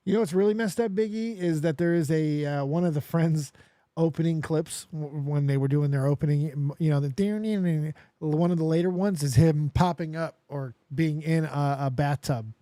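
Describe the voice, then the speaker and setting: Casting: chatty male streamer, high voice, dry close-mic sound. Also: moderate pace, no echo. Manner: chatty, excitable, laughs at clips. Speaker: streamer and podcast host. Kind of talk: casual live-stream commentary.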